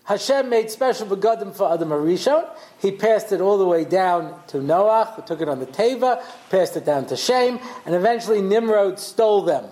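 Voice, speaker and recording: This rabbi sounds high-pitched, animated and mellow, keeping a normal speed with few pauses on a low-quality recording. His Torah class is a storytelling lecture where he acts out voices and keeps asking listeners "yeah?".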